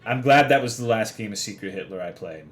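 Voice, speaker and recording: A young male livestreamer chats casually with viewers, rambling, swearing, and poking fun at himself. His voice sits on the low side, with lively intonation, and he talks fast.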